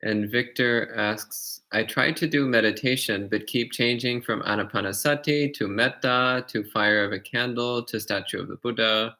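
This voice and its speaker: A man's voice: mid-range voice, moderate pace, hardly any pauses, sharp tone. A man moderating a Q&A, briefly reading out the questions. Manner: brief, reads questions aloud.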